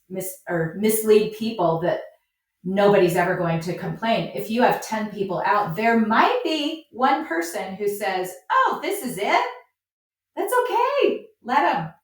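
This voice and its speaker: Distant, echoey woman guest. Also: medium pitch. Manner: upbeat, encouraging, acts out quoted voices. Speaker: flower farmer and business coach, guest. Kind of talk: podcast interview conversation. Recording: echoey, distant remote audio.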